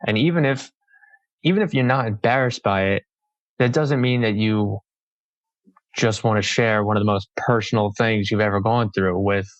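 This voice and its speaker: A man's voice: on the low side, normal speed, dry recording, dull audio. A young man, a guest author in a podcast interview, speaking hesitantly with many restarts. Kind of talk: casual interview chat.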